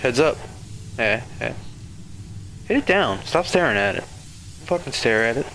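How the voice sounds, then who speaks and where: A man's voice: medium pitch, big pitch swings, measured pace, a bit bright. Young man, let's play commentary, swearing, joking, faint noise. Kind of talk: casual gameplay commentary.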